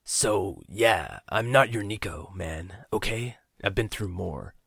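A man voicing a prematurely aged man with a cracked, weak voice, speaking softly and holding back. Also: fairly low pitch, lively intonation, slow pace, gravelly, husky, no room sound, studio quality, exaggerated voice. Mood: cryptic. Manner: soft and withholding, drops into whispers. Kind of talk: audiobook character voice.

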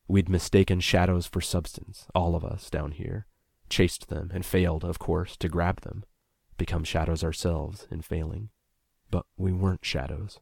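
A man narrating a first-person audiobook in a measured, introspective way, close to the mic. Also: low-pitched, creaky, mellow, slightly rough, no room sound.

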